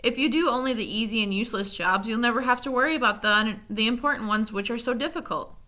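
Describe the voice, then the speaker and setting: A woman's voice: on the high side, quick pace. A woman playing a sly snarling demon of busywork. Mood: gloating. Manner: snarling, then soft and wheedling. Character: sly scheming male demon of petty tasks.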